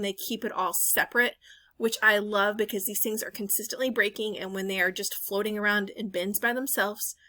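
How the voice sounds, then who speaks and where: A bright, forceful woman in her thirties talks through a thrift haul as a voice-over. She rambles in a friendly way, corrects herself mid-sentence and drops fillers. The sound is dry and close, with no room around it. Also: medium pitch, no room sound. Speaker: reseller vlogger. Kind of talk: casual voice-over chat.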